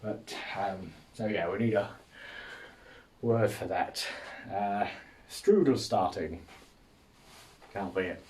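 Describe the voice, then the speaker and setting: A man's voice: fairly low pitch, steady tone, slow, pauses often, darkish tone, distant mic, a little hiss or hum. A man hosting a casual comedic monologue, rambling and amused at his own jokes, with lots of fillers. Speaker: podcast host.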